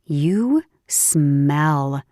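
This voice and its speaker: A woman's voice: low-pitched, animated, extremely slow, mellow, dry recording, studio quality, voice pushed down, full character voice. A woman voicing a teasing young shifter friend.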